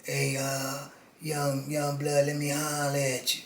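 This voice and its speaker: Man voicing older male convict, low raspy murmur, hushed and soft, slightly raised pitch, roomy echo. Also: completely flat delivery, slow. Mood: quietly insistent. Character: older male inmate, menacing and smooth.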